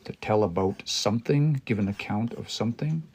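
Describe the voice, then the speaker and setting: A man's voice: fairly low pitch, animated, brisk, darkish tone. A man teaching a language on a livestream, thinking aloud and explaining word by word, with many restarts and hesitations.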